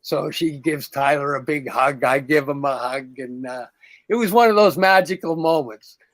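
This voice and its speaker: A middle-aged man with a fairly high voice tells a story in relaxed podcast chat. He acts out each quoted line, his voice jumping up for the other people. The sound is dry and close. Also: moderate pace, no echo. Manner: animated, acts out quoted dialogue in a raised voice. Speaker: podcast co-host.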